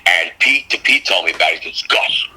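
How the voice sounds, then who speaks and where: A man from New Jersey, a band's drummer, telling stories in a casual interview, acting out quotes with big jumps in pitch. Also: animated, a little fast, bright, forceful tone, breathy edge, low-quality recording. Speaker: band drummer, guest.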